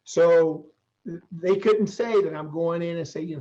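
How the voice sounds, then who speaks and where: A man's voice: fairly high pitch, moderate pace, warm tone, muffled recording, slight background noise. A middle-aged man speaking earnestly and emphatically as a guest in an interview, often repeating words as he searches for them. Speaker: college president, guest. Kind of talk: interview conversation.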